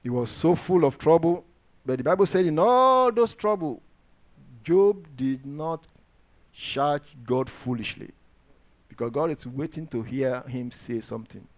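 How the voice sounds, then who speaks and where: Guy preaching a sermon, kinda high voice, punches the big words, keeps repeating himself. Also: animated, measured pace. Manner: emphatic, rising and falling with stress on key phrases; repeats phrases while working through scripture.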